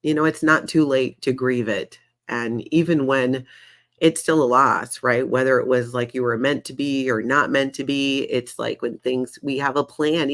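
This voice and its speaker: A woman speaking as a guest in a candid conversation, sounding reassuring and reflective. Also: extremely low pitch. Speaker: podcast guest.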